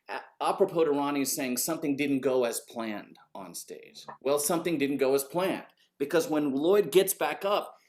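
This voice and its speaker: A man, an orchestra conductor, telling a story in an animated, conversational way and swearing casually. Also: a little high.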